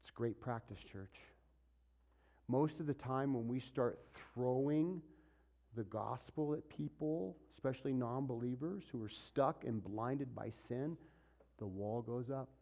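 A man preaching a sermon to his church in a lively, conversational way, acting out what people say. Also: mid-range voice, a little slow, dull audio. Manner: animated, conversational preaching with acted-out quotes. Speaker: pastor.

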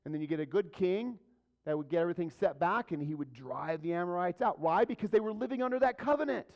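A man's voice: sits high, animated, fast talker, darkish tone. A man preaching a sermon as a pastor, talking conversationally and asking the congregation rhetorical questions. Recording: dull lo-fi recording.

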